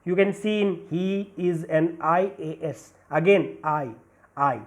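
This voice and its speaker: A man's voice: fairly high pitch, slow pace. A man teaching a grammar lesson over slides, explaining step by step and repeating key phrases. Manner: explains step by step, repeats phrases, frequent "okay" and "that's why".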